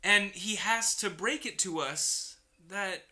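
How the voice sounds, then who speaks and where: A man's voice: high-pitched, slow, pushed and bright. A man giving casual, rambling gaming commentary full of crude joking asides. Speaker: let's play streamer.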